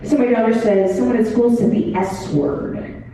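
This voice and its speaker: A woman's voice: fairly high pitch, lively intonation, normal speed, mellow, a little hiss or hum. A woman performing a stand-up comedy set, telling wry stories and acting out short quotes, heard from far off in an echoey live room.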